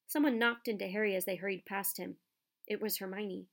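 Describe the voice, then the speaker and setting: Woman audiobook narrator, mid-pitched, expressive storyteller. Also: fairly quick, creaky.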